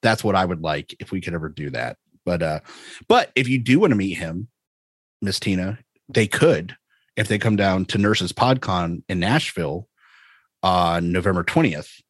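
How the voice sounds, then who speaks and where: A man's voice: sits low, animated, moderate pace, dry recording. Rambling, jokey American man. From United States. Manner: rambling, jokey, laughs often. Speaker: podcast co-host. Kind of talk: casual chat.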